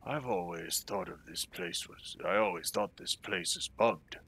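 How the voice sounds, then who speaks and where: A man's voice: low-pitched, fairly even intonation, a little slow, creaky, a bit bright, a little hiss or hum, heavily acted. A man voicing a weary, dismissive male writer in a fan game dub, speaking in a dry, tired way.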